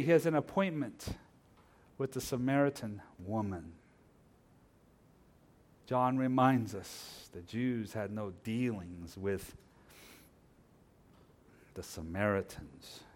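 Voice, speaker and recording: Male pastor, middle-aged, storytelling sermon that moves between quiet asides and loud animated peaks. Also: medium pitch, slow, long pauses.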